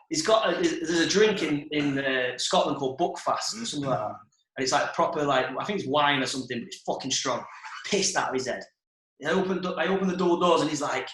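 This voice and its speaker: A man's voice: on the high side, expressive, fast, fairly bright tone, roomy sound, poor audio. A young man on a podcast, telling crude nightlife stories in a casual, sweary way. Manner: swearing, storytelling, laughs mid-story. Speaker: podcast co-host. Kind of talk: casual chat.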